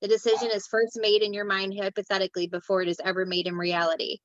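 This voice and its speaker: A woman's voice: mid-range voice, little pitch movement, quick pace, dry recording, lo-fi sound. A woman hosting a morning video call, talking in a bubbly, enthusiastic way. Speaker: host. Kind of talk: casual chat on video call.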